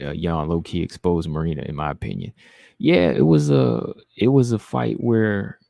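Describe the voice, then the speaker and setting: This man's low, gravelly, slightly mellow voice comes through clean studio sound with no echo. He hosts a casual livestream, reading out viewer comments and answering them in an easygoing manner.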